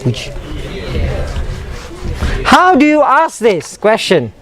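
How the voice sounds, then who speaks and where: A man's voice: very high voice, wildly swooping pitch, slow pace, a bit bright, faint music behind. A man leading a pronunciation workshop, demonstrating and repeating words for the class to drill. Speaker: workshop instructor.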